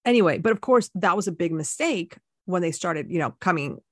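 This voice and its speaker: A woman's voice: on the low side, expressive, a little fast, no room sound. Brief chatty woman podcaster, dry sound. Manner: chatty, explains from her notes, upbeat. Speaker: podcast co-host. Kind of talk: casual chat.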